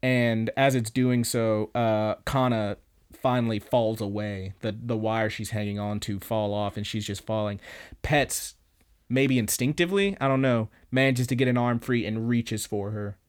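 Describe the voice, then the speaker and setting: A young man hosting a podcast, casually recapping an anime in an animated way, swearing freely. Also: fairly low pitch, normal speed, clean tone. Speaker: podcast host.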